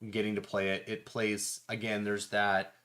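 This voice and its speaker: A man co-hosting a casual board game stream, excitable and rambling, laughing often. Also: lowish voice, moderate pace. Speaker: podcast co-host. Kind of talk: casual chat about board games.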